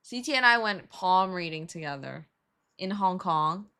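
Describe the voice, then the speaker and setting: A young woman streamer telling a story in a casual, animated way, laughing and swearing as she goes. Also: on the low side, measured pace. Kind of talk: casual storytelling while building a model kit.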